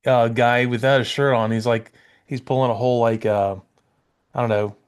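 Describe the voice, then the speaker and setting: A man's voice: medium pitch, steady tone, normal speed, clear, resonant tone. A man co-hosting a podcast, chatting casually about comics and wandering through his points. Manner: rambling, with many fillers and restarts. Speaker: podcast co-host.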